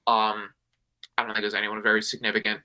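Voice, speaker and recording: Man, casual podcast talk, bright tense voice, animated. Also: fairly low pitch, quick pace. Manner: animated, laughing, lots of "like" and "you know". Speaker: podcast co-host.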